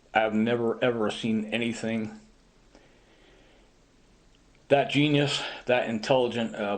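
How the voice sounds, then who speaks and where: A man in a ranting vlog monologue, agitated and accusing, repeating his points. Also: on the low side. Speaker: vlogger.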